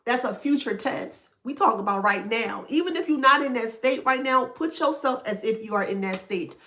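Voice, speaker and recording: A woman's voice: on the high side, expressive, normal speed, bright, forceful tone. A woman talks straight to her viewers in a motivational self-help style. Her delivery is emphatic and preachy. She drives points home by repeating them and often checks that they follow. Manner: emphatic, preachy, repeats herself, asks "that makes sense?". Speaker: spiritual self-help vlogger. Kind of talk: motivational talk to camera.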